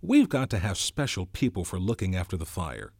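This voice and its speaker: A man voicing an earnest schoolboy chief in a novel reading, speaking in a steady, persuasive way. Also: sits low, brisk, vocal fry, husky, no room sound, studio quality, full character voice.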